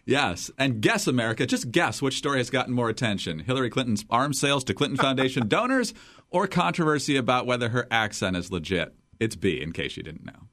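A man's voice: medium pitch, big pitch swings, brisk, fairly bright tone. A man from northern Michigan hosting a casual political chat show, laughing often. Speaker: radio podcast host.

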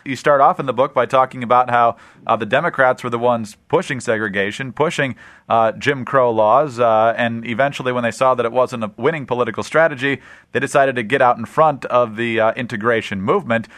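A man hosting a radio interview, asking questions in a measured way with frequent hesitations. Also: mid-range voice, fairly bright tone, no room sound, clean studio sound. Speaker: radio host. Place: radio studio.

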